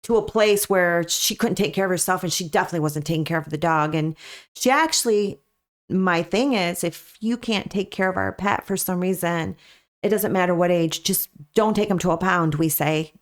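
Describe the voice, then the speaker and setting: A woman with a lowish voice speaks as a podcast guest. She tells her story as a dog breeder in an earnest, emphatic way and keeps coming back to her main points. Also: moderate pace. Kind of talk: conversational storytelling.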